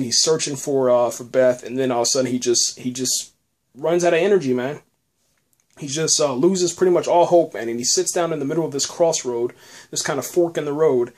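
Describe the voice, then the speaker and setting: Excited man recapping, saying "man" a lot. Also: fairly high pitch. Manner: animated retelling, fills lines with "man" and "you know what I'm saying". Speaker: podcast host reviewing a TV episode. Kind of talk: casual episode recap.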